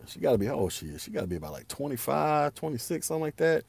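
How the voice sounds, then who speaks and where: A man's voice: on the low side, very animated, brisk, vocal fry, mellow, breathy edge. A man hosting a podcast alone, ranting casually in heavy slang, laughing often and repeating himself. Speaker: podcast host. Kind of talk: casual solo podcast rant.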